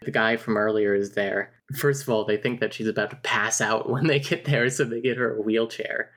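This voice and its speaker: A woman's voice: a bass voice, moderate pace. A woman casually recapping a romance novel on a podcast, reading out messages and passages and laughing often. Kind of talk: casual book recap chat.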